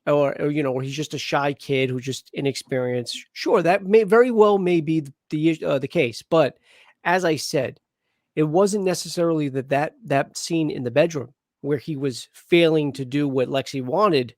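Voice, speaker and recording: A man's voice: a little high, moderate pace, a little mellow, no room sound, studio quality. A man co-hosting a casual show review, rambling with lots of false starts and restarts. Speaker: podcast co-host.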